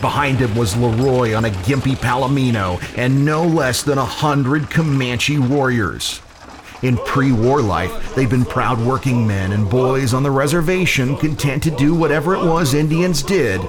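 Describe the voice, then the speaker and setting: Slow, dramatic male story narrator. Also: medium pitch, crowd noise. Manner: dramatic, deliberate reading. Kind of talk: scripted narration of a pulp audio story.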